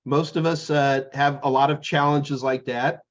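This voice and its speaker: A man's voice: a little high, moderate pace, highs cut off. A middle-aged man co-hosting a casual chat, rambling and joking as he tells stories. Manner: rambling, jokey, animated storytelling. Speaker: podcast co-host.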